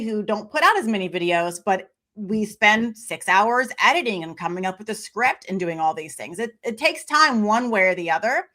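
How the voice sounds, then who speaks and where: A woman with a fairly high, bright voice talks in a relaxed conversation. She is animated and acts out the voices she quotes. Her tone has a crisp, forward edge. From Memphis, United States. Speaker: podcast guest. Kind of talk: casual conversation.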